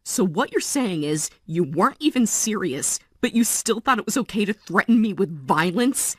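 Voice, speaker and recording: A woman in her forties playing a tired but resolute mother in a text-story drama, speaking in a calm, measured way. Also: mid-range voice, breathy edge, no room sound, clean studio sound. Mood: calm resolve. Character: weary, resolute mother leaving her family.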